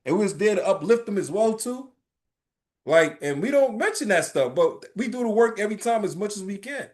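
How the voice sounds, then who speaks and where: Brisk and high-pitched, a man preaches emphatically and informally while teaching a religious class, peppering it with "right?" and telling lively, streetwise tales.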